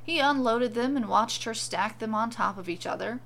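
A woman reads a comic tale aloud in a dry, deadpan manner. Her voice sits fairly high with a thick gravelly fry. She lets the absurd lines land without fuss. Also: normal speed, slight background noise. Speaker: storyteller. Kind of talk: comedic storybook narration.

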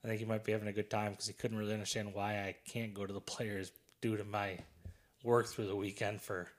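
A man with a lowish voice co-hosts a casual chat podcast. He tells rambling, easygoing stories and laughs often along the way. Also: little pitch movement, a little fast. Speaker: podcast co-host.

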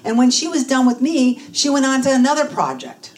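A woman's voice: high-pitched, very animated, a little fast, a little mellow. Distant woman in her fifties telling her testimony. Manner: storytelling, acts out quoted voices. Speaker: church speaker and minister in training. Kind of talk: personal testimony talk. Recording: voice from a distance in a room, faint noise.

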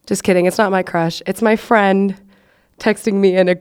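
A woman's voice: medium pitch, moderate pace, clear, resonant tone. A young woman casually reading entries from her old teenage journal, joking and swearing at herself. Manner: self-mocking, laughing, swearing. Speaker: vlogger.

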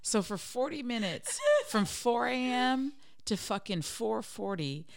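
A woman in her thirties chatting casually, telling profane, animated stories and acting out her cat's meows. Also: fairly high pitch, unhurried, gravelly. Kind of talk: casual chat.

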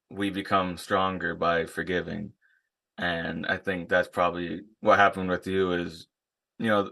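A male podcast host speaks in a supportive, reflective way. His voice is very low and flat in pitch, yet bright and forceful in tone. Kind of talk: casual interview chat.

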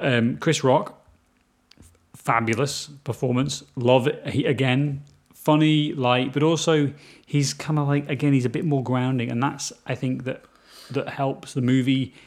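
A man's voice: mid-range voice, fairly even intonation, unhurried. A British man chatting about films as a podcast co-host, enthusiastic and rambling. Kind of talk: casual film review chat.

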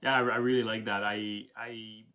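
A man who runs tabletop games, talking casually in a halting way with restarts and soft laughs. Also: on the low side, level tone. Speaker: game master. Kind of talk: casual podcast chat.

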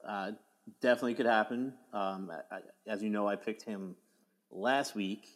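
A man co-hosting a casual golf podcast, speaking in a low-key way with frequent ums and hesitations. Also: moderate pace. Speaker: podcast co-host. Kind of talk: casual chat.

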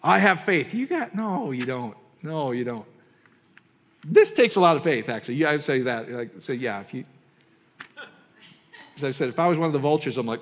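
A man's voice: fairly high pitch, normal speed, long pauses. Man preaching in a reverberant hall. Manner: animated, joking, then softer and prayerful. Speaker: pastor. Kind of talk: sermon.

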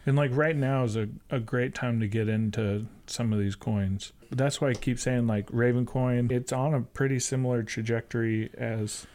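A man's voice: mid-range voice, fairly even intonation, normal speed, few pauses, darkish tone. A man co-hosting a podcast, talking casually and hesitantly with many fillers and restarts. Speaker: podcast co-host. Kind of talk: casual chat.

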